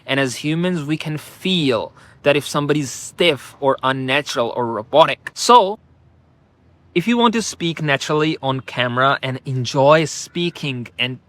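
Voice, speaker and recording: A man coaching viewers on speaking to camera, talking slowly and deliberately in a relaxed, conversational way with emphatic rises. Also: medium pitch, no echo. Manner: slow, drawn-out, deliberate delivery with emphatic rises.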